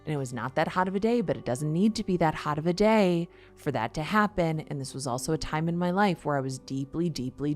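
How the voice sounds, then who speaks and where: A middle-aged woman hosting a podcast, telling a personal story in an earnest, confessional way with rushed restarts. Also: low voice. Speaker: podcast host.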